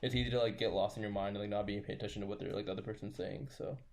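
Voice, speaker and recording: Racing through casual podcast chat, this young co-host has a lowish, darkish voice with vocal fry and fairly even intonation. He rambles, restarting often and using many fillers.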